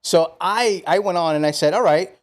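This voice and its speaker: A speaker in a relaxed group chat, jumping in with fast, energetic stories. Their middle-pitched voice keeps things light and conversational. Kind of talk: casual chat.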